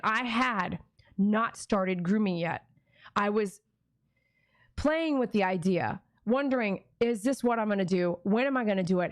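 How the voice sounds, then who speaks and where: In her grooming salon, a woman who owns a dog grooming business talks to the camera with a medium-pitched voice, addressing viewers directly in a chatty, emotional way. The sound is clean studio audio with no room sound.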